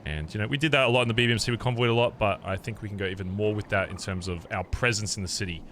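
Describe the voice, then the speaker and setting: Bright-voiced man, swearing in role-play. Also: lowish voice, very fast, a little hiss or hum. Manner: profane, rambling, many fillers. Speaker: biker club leader in role-play. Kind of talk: in-character game role-play chat.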